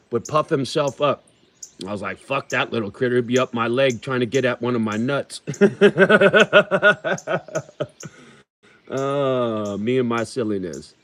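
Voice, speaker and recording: A man hosting a livestream, chatting casually with viewers in a profane, rambling and heartfelt way. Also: mid-range voice. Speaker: livestream host.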